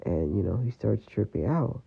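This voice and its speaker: Gravelly low man rambling a story. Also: lively intonation, moderate pace. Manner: rambling, full of "you know" and "like". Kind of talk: casual storytelling. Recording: tinny phone-like audio.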